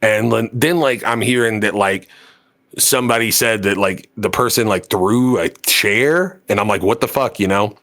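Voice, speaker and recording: Low-voiced man telling a rambling story. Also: normal speed, a bit bright. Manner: rambling, filler-heavy, swears a lot. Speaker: podcast co-host. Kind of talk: casual storytelling chat.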